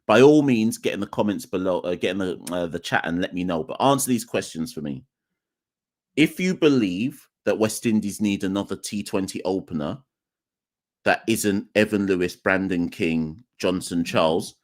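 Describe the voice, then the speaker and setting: A man hosting a live cricket podcast, talking emphatically, repeating his points and speaking straight to the chat. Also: low voice. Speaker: podcast host. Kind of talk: live-streamed call-in commentary.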